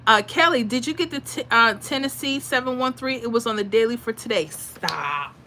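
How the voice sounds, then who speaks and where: A woman's voice: a little high, brisk, bright, forceful tone, slight background noise. A woman hosting a casual livestream, talking freely with viewers and reacting to their comments. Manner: chatty, reads viewer comments aloud, emotional asides. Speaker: livestream host giving lottery picks.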